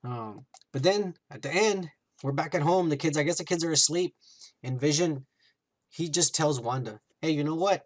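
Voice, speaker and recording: A man's voice: a little high, moderate pace. Man recapping a TV episode in a casual, swearing podcast chat. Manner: animated, profane retelling with acted-out quotes. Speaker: podcast host.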